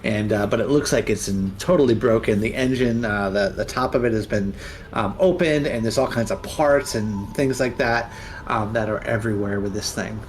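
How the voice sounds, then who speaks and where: Man narrating a tabletop game, halting. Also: on the low side, a little hiss or hum. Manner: halting, many fillers. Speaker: game master.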